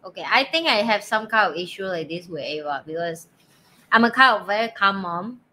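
A woman's voice: medium pitch, animated, a little fast, background noise. A woman in her thirties, a mother co-hosting a podcast in casual chat, speaking simple non-native English and acting out her stories with animation. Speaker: podcast co-host.

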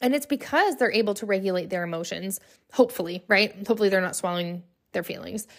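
A woman's voice: medium pitch, fast talker. A young adult woman hosting her own podcast, talking casually and often tagging her sentences with "right?" and "like". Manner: chatty, lots of "right?" and "like" fillers. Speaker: podcast host. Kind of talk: casual solo podcast talk.

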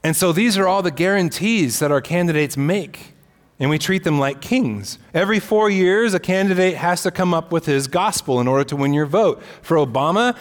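A man's voice: fairly high pitch, normal speed. Earnest man preaching in a hall. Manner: earnest teaching, reads scripture aloud. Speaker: pastor. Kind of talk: sermon.

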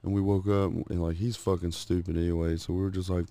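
A man with a very low, gravelly voice swaps crude stories with his co-host. He swears freely and slips into the voices of the people in his tales. The talk stays loose and unscripted. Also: flat delivery, fast, warm tone, dry recording. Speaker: podcast co-host. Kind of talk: casual chat, crude storytelling.

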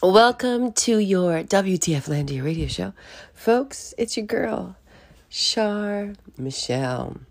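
Groggy, gravelly-voiced woman podcast host. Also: medium pitch, expressive, takes it slowly. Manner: rambling, laughs often. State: groggy morning voice. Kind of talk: casual monologue.

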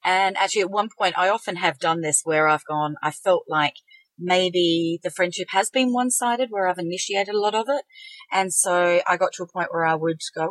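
A middle-aged woman with a lowish voice speaks at a moderate pace, recorded without echo but in low quality. She co-hosts a conversational podcast. Her tone is reflective as she shares her own experiences.

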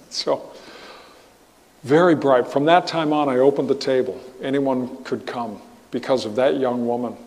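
A man preaching as a pastor, earnest and halting, often restarting his phrases. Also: mid-range voice, fairly even intonation, a little mellow, long reverb tail. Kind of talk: sermon.

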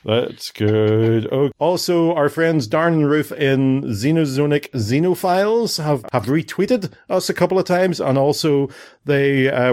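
A man's voice: mid-range voice, darkish tone. A man hosting a casual family podcast, rambling and stumbling over his words. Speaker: podcast host.

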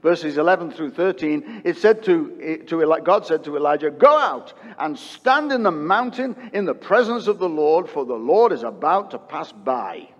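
A pastor in his fifties preaching a sermon, swinging from loud emphatic peaks to hushed quiet and repeating phrases for emphasis. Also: fairly high pitch, lively intonation, moderate pace, hardly any pauses, in a large hall, highs cut off. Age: 50s. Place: church.

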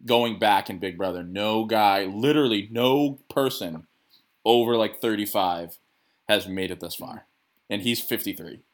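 A man hosting a casual sports podcast, talking in an excitable, profane and rambling way with lots of restarts. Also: on the low side, measured pace. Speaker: podcast host.

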